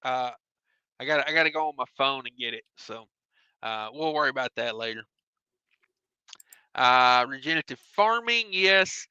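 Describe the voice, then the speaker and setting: A man's voice: medium pitch, lively intonation, sharp tone, clear, resonant tone, dry recording, lo-fi sound. A man hosting a trucking live stream, chatting casually and reading viewer comments aloud with easygoing fillers. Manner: easygoing, drawn-out filler sounds, reads chat aloud. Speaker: host of a trucking live show.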